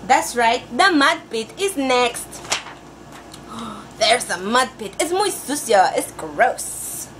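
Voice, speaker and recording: Brief: a woman as a high, swooping, overeager storybook teacher who mixes in Spanish words. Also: sing-song, background noise. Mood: playful. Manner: sing-song teacher voice, drawn-out words, sprinkles Spanish phrases. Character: overeager female teacher persona, adult, playful. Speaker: pretend class teacher. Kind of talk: comic storybook read-aloud.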